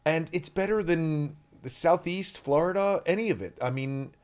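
A man's voice: on the high side, normal speed, a little mellow, clear, resonant tone. Chatty rambling man in his forties. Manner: rambling, chatty, self-interrupting. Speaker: guest. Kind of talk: casual interview chat.

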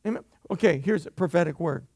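A man preaching a sermon in church, his voice pitched high with a gravelly edge. He mixes playful jokes into emphatic preaching and keeps calling out for amens. The sound is close and dry. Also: lively intonation, fast talker, a little mellow, no room sound. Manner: emphatic, jokey preaching with call-and-response. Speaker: pastor.

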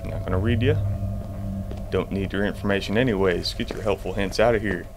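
A man's voice: low-pitched, a little fast, vocal fry, noisy background. A man giving jumpy, profane commentary to himself while playing a horror game. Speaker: gamer.

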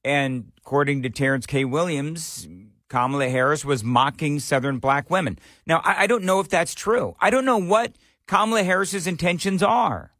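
Sarcastic talk radio host, dry studio. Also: male voice, on the high side, moderate pace, a bit bright, no room sound. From Nashville area. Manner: sarcastic, rhetorical questions. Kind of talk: opinionated talk radio monologue.

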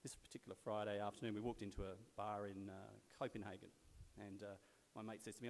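A fairly low-voiced Australian man in his forties tells wry stories to a room, easygoing and full of "you know"s. His voice carries a long hall reverb over a faint hiss. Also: level tone, fast, a little mellow. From South Australia. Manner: conversational, wry storyteller with frequent fillers. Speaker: guest speaker at a club luncheon. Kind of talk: anecdotal after-dinner speech. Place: large event venue in a sports stadium.

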